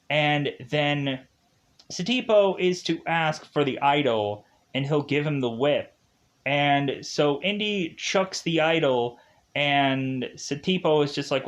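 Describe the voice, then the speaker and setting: Slow-talking, rambling man reviewing a film. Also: a little high. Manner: rambling, filler-heavy, chuckles at his own jokes.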